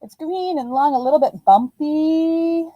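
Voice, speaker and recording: A woman teacher giving a phonics lesson to young children in an animated, sing-song voice. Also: high-pitched, a little slow, no echo, highs cut off.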